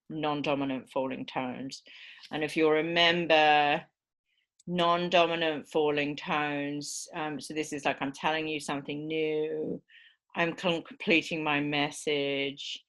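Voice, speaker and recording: Slow, low-voiced woman lecturing. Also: fairly bright tone. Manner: explanatory, checks in with "right?" tags; frequent filler "um" and small restarts. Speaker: university lecturer. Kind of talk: recorded university lecture.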